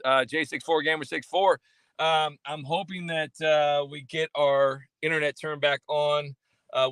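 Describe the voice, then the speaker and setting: A man hosting a casual livestream from a coffee shop, reading chat names and rambling with many fillers and restarts in a self-mocking deadpan way. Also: medium pitch, clear, resonant tone, no echo.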